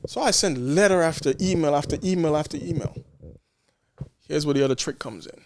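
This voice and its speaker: A man's voice: fairly high pitch, brisk, slight background noise. A man from Canada, a nurse and podcast guest, telling a story in casual chat and acting out quoted exchanges with frequent restarts.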